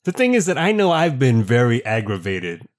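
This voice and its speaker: A man co-hosting a casual podcast chat, joking and quick to laugh. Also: mid-range voice, huge pitch swings. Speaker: podcast co-host.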